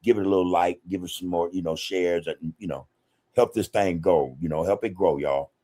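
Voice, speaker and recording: A man with a very low, deep voice hosts a casual livestream podcast. He talks loosely and informally, greeting viewers by name and filling his sentences with "man" and "you know". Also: moderate pace, dark tone. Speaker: podcast host. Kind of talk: casual livestream chat, reading viewer comments.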